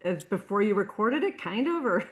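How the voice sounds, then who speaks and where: A woman's voice: medium pitch, very animated. A woman interviewing an audiobook narrator, asking her questions hesitantly with many fillers and offering short agreements. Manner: warm backchannels, halting questions with fillers. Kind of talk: casual interview conversation.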